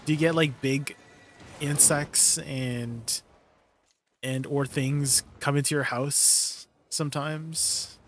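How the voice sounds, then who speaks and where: A man's voice: medium pitch, fairly even intonation, slow pace, fairly bright tone, slight background noise. Chatty young man streaming live. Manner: chatty, easily amused, riffing on chat messages. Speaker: livestreamer reading chat. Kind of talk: casual chat with viewers while gaming.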